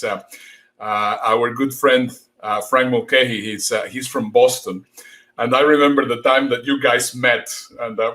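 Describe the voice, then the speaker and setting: A man's voice: mid-range voice, a bit bright. A man hosting a casual chat, hesitant with many fillers and frequent laughter. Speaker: host.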